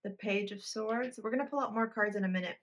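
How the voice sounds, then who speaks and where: For a pick-a-card video, a woman reading tarot cards talks straight to the viewer in a blunt, emphatic manner, swearing freely. Her voice is medium-pitched and she speaks at a quick pace.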